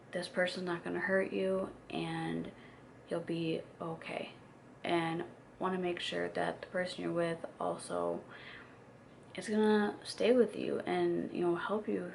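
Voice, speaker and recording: Woman in her twenties, casual vlogger, gravelly fry, candid and chatty, faint noise behind. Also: on the low side, darkish tone. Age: 20s. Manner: candid, chatty, many fillers. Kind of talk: casual confessional chat to camera.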